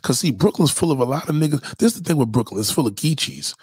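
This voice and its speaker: Middle-aged New York man, husky and dry, swinging pitch, profane slang-heavy monologue. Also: fast talker, no echo. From New York City. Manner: profane, animated, heavy slang, repeats himself. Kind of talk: casual street-talk monologue.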